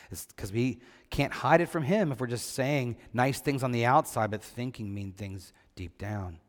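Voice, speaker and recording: A male pastor with a medium-pitched voice reads a scripture passage, then delivers a children's sermon in which he poses questions to the kids and answers them himself. He slows down and becomes deliberate on the key points, and the sound is that of a big room.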